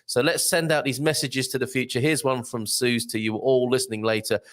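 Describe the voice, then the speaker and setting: A man hosting a casual live stream, reading viewer comments aloud in a chatty, rambling way with lots of fillers. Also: brisk. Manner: chatty, rambling, lively pitch, many fillers.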